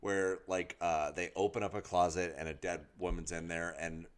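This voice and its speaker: A man's voice: deep voice, flat delivery, moderate pace, clean tone. A man co-hosting a podcast in casual chat, sarcastic and swearing, with joking asides. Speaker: podcast co-host.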